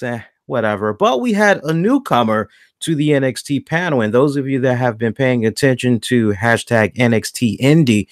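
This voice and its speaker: This wrestling podcast host has a smooth, medium-pitched voice captured in clean studio sound with no room echo. He reviews wrestling casually and animatedly, acting out his own reactions, frequently restarting and repeating his words.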